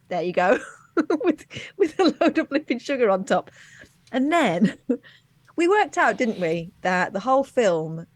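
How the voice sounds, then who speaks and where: A woman's voice: mid-range voice, no room sound. A woman co-hosting a casual chat, telling stories in a wry, chatty way and laughing often. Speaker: co-host.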